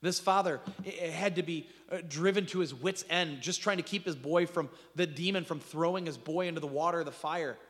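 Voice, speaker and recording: A man preaching a sermon as pastor, stumbling over restarts and swinging between loud outbursts and hushed asides. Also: fairly high pitch, fairly quick, hardly any pauses, big-room sound. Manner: impassioned preaching with repeated restarts and dramatic drops to near-whispers.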